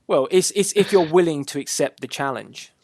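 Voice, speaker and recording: A man's voice: a little high, moderate pace, a little mellow, no room sound. A man hosting a casual wrestling chat show, upbeat and teasing, drawing out his announcements. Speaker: host.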